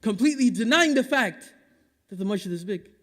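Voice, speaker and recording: A man from Dallas giving a Friday sermon as imam, impassioned and rhetorical, rising to loud urging and dropping to hushed asides, reciting Quranic Arabic quickly between English explanations. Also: high-pitched, lively intonation. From Dallas, Texas. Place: mosque prayer hall. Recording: long reverb of a mosque hall.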